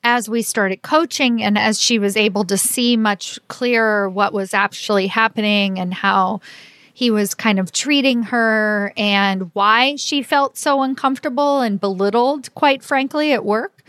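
A middle-aged leadership coach talks through a solo podcast episode in an earnest, conversational way, peppering her speech with "like" and "right?". Her medium-pitched, slightly bright voice comes at a measured pace, with clean sound and no echo.

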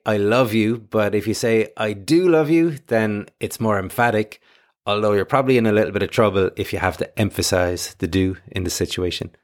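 A man hosting an English lesson, calmly explaining phrases and giving examples. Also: lowish voice. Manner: clear, measured explaining with examples. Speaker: English teacher host. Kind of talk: scripted explanation.

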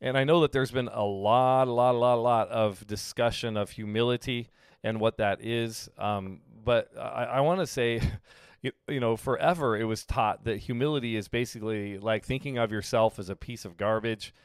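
A man preaching as a pastor in a relaxed, conversational sermon, often acting out what people say. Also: medium pitch, moderate pace, clear, resonant tone, no room sound, clean studio sound. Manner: conversational, with frequent fillers and acted-out quotes. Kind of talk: casual sermon teaching.

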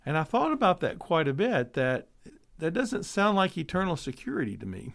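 A man teaching theology, reading scripture aloud and explaining it in a measured, explanatory way, his voice dropping low at the end of each point. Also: big pitch swings, creaky, a bit bright. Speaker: Bible teacher.

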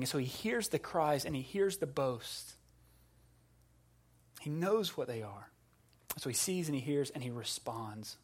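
A man preaching a sermon with humorous asides, swinging between hushed, quiet passages and loud, emphatic ones. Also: on the high side. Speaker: pastor.

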